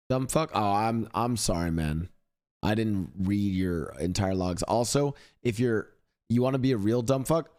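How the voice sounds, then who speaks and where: Young man, streamer, profane ranting, heated, middling pitch. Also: expressive, a little slow. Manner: profane ranting at chat, rising to shouting. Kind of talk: live stream reaction commentary.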